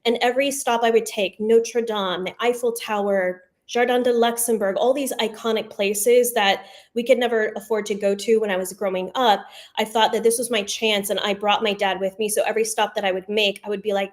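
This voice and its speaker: A woman's voice: medium pitch, steady tone, brisk, hardly any pauses. A woman who founded a fragrance brand, hosting a live launch stream and chatting openly with viewers. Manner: chatty, emotional, addresses viewers as "you guys". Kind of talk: casual live-stream chat.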